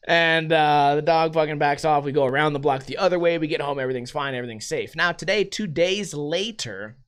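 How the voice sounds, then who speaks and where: A man's voice: fairly high pitch, fairly quick, hardly any pauses, clean tone. A man hosting a casual solo podcast from home, rambling and swearing often. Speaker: podcast host.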